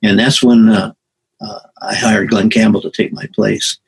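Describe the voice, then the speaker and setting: Gravelly-voiced man in his eighties. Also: fairly low pitch, little pitch movement, normal speed, poor audio. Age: 80s. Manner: rambling anecdotes with many fillers and restarts. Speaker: veteran musician guest. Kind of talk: storytelling in a conversation.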